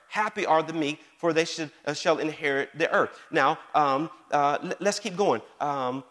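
A man preaching in a lively way, asking his listeners again and again whether they follow him. His voice sits a little high for a man. A long reverb fills the hall around him. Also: moderate pace, hardly any pauses. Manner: animated preaching with call-and-response questions and repeated phrases. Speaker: pastor. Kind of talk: sermon.

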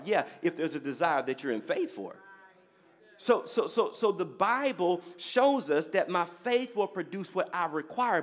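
Male preacher, high-pitched, call-and-response sermon, shifts from quiet asides to forceful exhortation. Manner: preacher's call-and-response, repeating "you got it?"; swings between quiet asides and loud exhortation. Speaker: pastor.

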